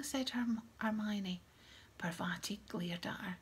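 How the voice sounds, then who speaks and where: Audiobook reader: woman, husky and gravelly, reads softly near a whisper. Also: medium pitch, steady tone, moderate pace. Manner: soft, half-whispered reading. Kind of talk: reading a novel aloud.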